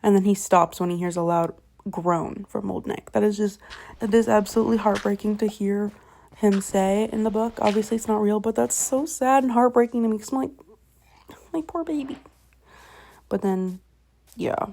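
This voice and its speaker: Mellow-voiced rambling woman. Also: mid-range voice, fairly even intonation, normal speed, vocal fry, a little hiss or hum. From Canada. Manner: rambling and chatty, swears freely, corrects herself often. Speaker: vlogger. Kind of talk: casual book retelling.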